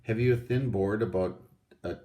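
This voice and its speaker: A man voicing a sensible, motherly older girl in a storybook reading; she speaks in a brisk, practical way. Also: on the low side, dark tone, pitched above the performer's own voice, close to an everyday voice.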